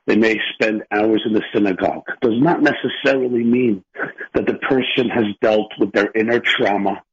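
A man's voice: fairly low pitch, husky, lo-fi sound. A man who is a rabbi co-hosting a radio talk show, making his point emphatically with long rhetorical lists. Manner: emphatic, builds lists for effect. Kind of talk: radio talk, earnest explanation.

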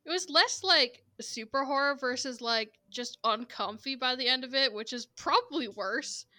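A woman's voice: sits high, lively intonation, normal speed, sharp tone, no room sound, studio quality. A woman co-hosting a podcast in casual chat, giggly and hesitant, with many fillers and restarts. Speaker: podcast co-host.

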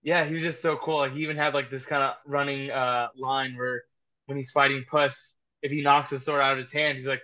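A man co-hosting a casual film review chat, enthusiastic but halting, with many restarts. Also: mid-range voice, flat delivery, pushed and bright. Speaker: podcast co-host. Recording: dull lo-fi sound.

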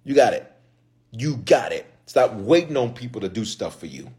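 A man's voice: on the low side, very animated, normal speed, a little mellow. A man who is a bishop and pastor delivers a sermon in a conversational, slangy way, repeating lines and calling out to the congregation. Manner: repetitive, call-and-response preaching.

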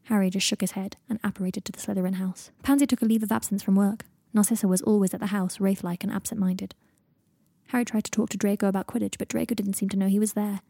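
A woman narrating a fan fiction audiobook in a hushed, intimate way, often near a whisper. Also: medium pitch, fairly even intonation, fast, gravelly, husky, no echo, studio quality.

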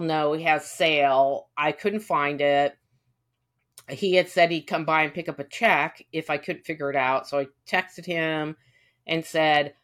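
A woman's voice: sits low, measured pace, a bit bright. A woman chatting casually on a podcast, venting with plenty of swearing and acting out what people said. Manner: venting, profane, acts out quotes. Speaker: podcast co-host. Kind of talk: casual chat.

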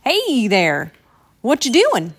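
A woman's voice: fairly high pitch, wildly swooping pitch, takes it slowly, slightly rough, full character voice. A woman reading a storybook aloud, voicing a friendly male alligator who talks in a folksy, hearty, welcoming way.

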